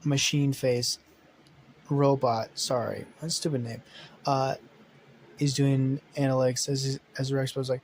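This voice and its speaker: A man's voice: mid-range voice, level tone, a little slow, slight background noise, poor audio. A man casually narrating an improvised superhero story, rambling with many fillers, self-corrections and swearing.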